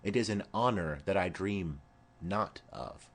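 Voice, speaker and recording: Young daughter, reserved and polite, slow delivery; a man reading the part. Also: low voice, lively intonation, heavily acted. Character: young teenage girl, a dutiful daughter. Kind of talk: audiobook play reading.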